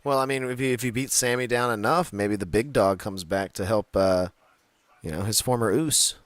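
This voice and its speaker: A man's voice: on the low side, brisk, no echo. A man co-hosting a casual wrestling podcast, rambling with many fillers and frequent laughs. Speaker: podcast co-host.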